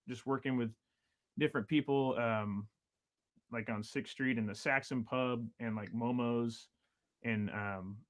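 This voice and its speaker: Rambling storyteller man, relaxed chat. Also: mid-range voice. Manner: rambling, filler-heavy, laughing storyteller. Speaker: podcast guest, drummer.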